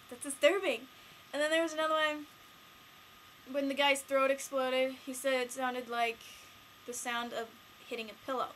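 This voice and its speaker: A teenage girl chatting casually in a home vlog, rambling and excitable with lots of fillers. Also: high-pitched, slight background noise, rough recording. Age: late teens. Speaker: vlogger.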